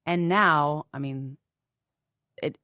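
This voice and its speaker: A woman with a fairly low voice hosting a podcast interview. She draws out her guest's stories with thoughtful comments, recorded close and dry. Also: drawn-out words, bright, forceful tone, no room sound. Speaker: podcast host. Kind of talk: casual interview conversation.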